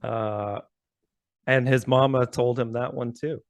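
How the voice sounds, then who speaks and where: A man co-hosts a relaxed chat in a gravelly, fry-tinged voice. He talks freely, laughs often and restarts his sentences. The sound is dry and close. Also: mid-range voice, takes it slowly, no echo. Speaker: co-host. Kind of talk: casual chat.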